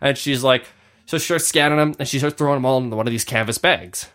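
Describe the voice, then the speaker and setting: Talking fast in a medium-pitched voice, a podcast co-host spins stories during casual chat. He brings them to life by acting out the quotes in the voices of those involved.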